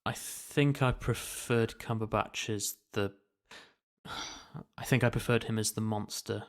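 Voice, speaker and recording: A man co-hosting a podcast in casual chat, pausing on fillers as he recommends shows. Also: lowish voice. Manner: flat, gravelly, with filler pauses. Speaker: podcast co-host.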